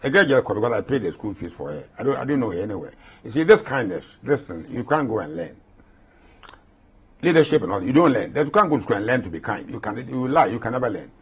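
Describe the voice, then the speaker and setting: A man in his eighties with a Ghanaian accent speaks as an interview guest, his mid-range voice very animated, fast and husky. He talks with passion and repeats his points for emphasis.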